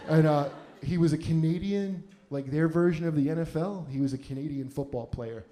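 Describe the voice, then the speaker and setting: A man's voice: fairly high pitch, brisk, mellow. A male comedian and podcast host telling a rambling, profane personal story in casual chat, often laughing as he goes.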